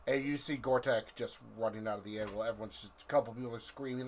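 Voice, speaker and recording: A man's voice: mid-range voice, steady tone. A man narrating as game master of a tabletop game, drawing out his descriptions. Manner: slow, drawn-out, vivid description.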